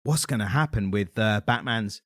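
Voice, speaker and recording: A man co-hosting a casual comics podcast, retelling plots in an animated, jokey way. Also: lowish voice, normal speed, dry recording, clean studio sound. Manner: animated, jokey storytelling with restarts. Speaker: podcast co-host. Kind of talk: casual chat about comics.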